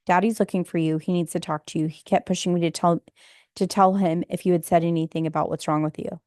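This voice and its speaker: A woman narrator voicing a seventeen-year-old daughter caught between her parents, quiet and earnest, in a memoir audiobook. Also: lowish voice, fairly even intonation, fast talker, dry recording, studio quality, natural voice.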